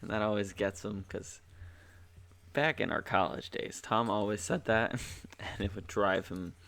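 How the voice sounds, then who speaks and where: A man's voice: fairly low pitch, fairly even intonation, measured pace, gravelly, a bit bright. A man co-hosting a podcast in casual chat, teasing his friend and laughing often. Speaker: podcast co-host.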